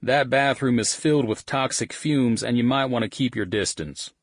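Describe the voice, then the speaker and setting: A man's voice: medium pitch, moderate pace, no echo, studio quality, voice pushed up, close to an everyday voice. A man voicing a goofy young male bandmate with a Texan accent, drawling and playfully crude, in an audiobook. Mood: joking. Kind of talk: audiobook character voice.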